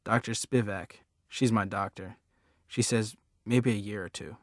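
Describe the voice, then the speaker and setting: A man's voice: fairly low pitch, steady tone, a little slow, dry recording, studio quality, natural voice. A man reading the lines of a small, clever, grandiose boy from a storybook, with formal, theatrical phrasing in a plain voice. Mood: calm.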